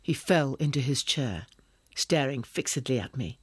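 A man's voice: mid-range voice, unhurried, slightly rough, dry recording. Man reading an audiobook, dry and close. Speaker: narrator.

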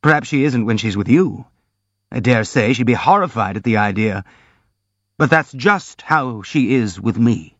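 A man's voice: medium pitch, animated, normal speed, fairly bright tone, no echo. A man reading the part of a brooding, jealous young man in an audiobook, in an intense, bitter, confiding way, recorded dry and slightly dull.

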